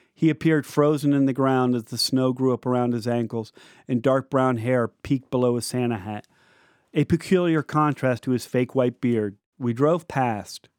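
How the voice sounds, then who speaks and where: A man in his fifties reads his own memoir aloud. His delivery is reflective and measured, lingering on descriptive details. His pitch is mid-range for a man, and the recording is dry and close with no room sound. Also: darkish tone, clean tone, no echo. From United States. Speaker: memoir narrator. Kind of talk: reading a personal memoir aloud.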